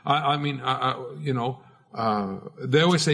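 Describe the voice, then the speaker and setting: A man's voice: mid-range voice, moderate pace, fairly bright tone. A man preaching a conversational sermon as a pastor, informal and prone to repeating words.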